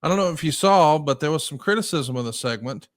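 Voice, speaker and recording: Upbeat podcast host asking pointed questions. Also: male voice, fairly high pitch, fast, dry recording, studio quality. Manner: energetic, needling questions. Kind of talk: casual interview chat.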